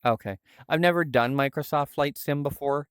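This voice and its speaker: A young man streaming live, speaking in a halting, soft-spoken way with many fillers. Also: fairly high pitch, smooth, no echo, clean studio sound. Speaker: livestreamer. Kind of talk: casual livestream chat. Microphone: VR headset setup.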